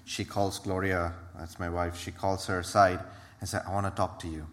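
A man's voice: low voice, little pitch movement, normal speed, fairly bright tone. A man from Malaysia telling a church testimony, hesitant, with many fillers and restarts. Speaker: ministry worker. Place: church hall. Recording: reverberant hall.

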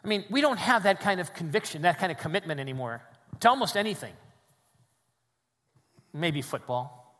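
A man preaching a sermon in a church, swinging between loud emphatic peaks and quiet, low drops. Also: expressive, moderate pace, long pauses, long reverb tail. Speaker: pastor. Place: church sanctuary with congregation.

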